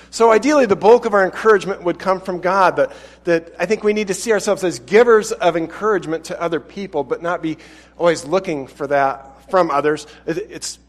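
A man's voice: on the high side, big-room sound. A man preaching a sermon in a casual, chatty and self-deprecating way.

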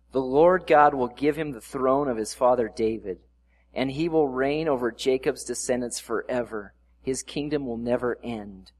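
A man praying and then preaching a casual, conversational sermon, with asides, growing louder and more excited as he reads scripture. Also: mid-range voice, long reverb tail. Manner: asides and self-corrections. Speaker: pastor.

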